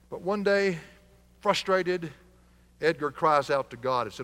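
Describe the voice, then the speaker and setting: A man preaching a sermon as the pastor, passionate and animated, at times using a puppet as an example. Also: a little high, unhurried, big-room sound.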